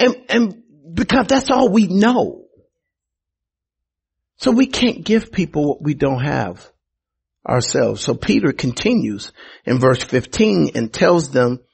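A man's voice: a little high, gravelly, husky. A male pastor preaching a sermon, emphatic and repetitive, with teasing asides to the congregation. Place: church sanctuary.

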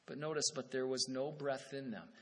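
Husky man preaching a sermon. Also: medium pitch, fairly even intonation, normal speed, fairly bright tone. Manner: reads scripture aloud with rising emphasis, then comments conversationally. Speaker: pastor.

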